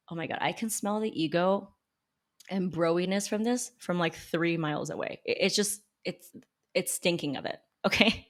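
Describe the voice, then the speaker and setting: A woman coaching on public relations, casually critiquing examples with emphatic jumps in pitch and quiet, low asides. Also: moderate pace. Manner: emphatic, with big pitch jumps when reacting. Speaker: small business PR coach and podcast host. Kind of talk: casual critique read to camera.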